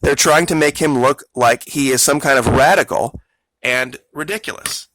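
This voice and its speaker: A man's voice: medium pitch, moderate pace, fairly bright tone, slight background noise, rough recording. A man hosting his own channel, talking through political commentary in an emphatic, argumentative way and addressing viewers directly. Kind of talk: casual political commentary monologue.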